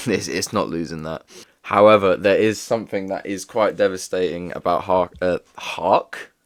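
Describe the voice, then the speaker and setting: A young man talks through a casual video review. His voice sits very low, and he rambles loosely, leaning on filler words as he goes. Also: normal speed. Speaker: toy reviewer.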